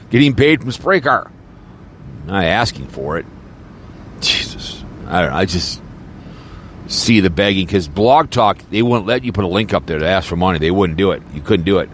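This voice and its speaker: A man's voice: low voice, expressive, moderate pace, pauses often, a little hiss or hum. A man podcaster in a rambling, crude and mocking casual rant, talking from a car. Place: in a car, snowy weather.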